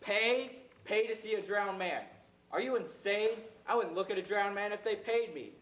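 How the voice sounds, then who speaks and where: A young man on a school stage playing a fussy, easily offended gentleman who is indignant and proper, recorded from far off in an echoey hall. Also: high-pitched, moderate pace. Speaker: student actor.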